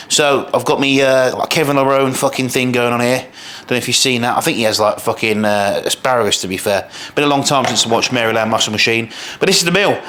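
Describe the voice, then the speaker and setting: A man's voice: medium pitch, fairly bright tone, slight background noise. Tired, swearing man cooking. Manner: swears a lot, rambling and fast. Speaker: fitness coach. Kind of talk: casual cooking vlog.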